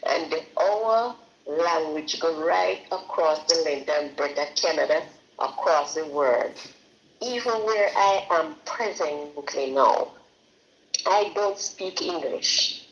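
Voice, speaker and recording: A Jamaican woman calls in, speaking slowly and emphatically in a low voice. Her words come through a dull, lo-fi call line. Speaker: caller. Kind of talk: call-in chat.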